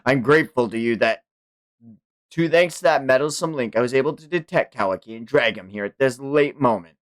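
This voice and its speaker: A man's voice: mid-range voice, brisk, lightly acted. A man voicing an arrogant, ancient male villain god who talks with contempt and barks commands. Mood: scornful.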